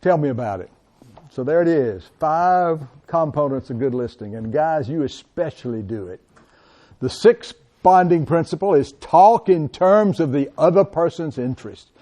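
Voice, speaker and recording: Animated middle-aged man lecturing a class. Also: on the high side, normal speed. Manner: animated, addresses students directly as guys. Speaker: college lecturer.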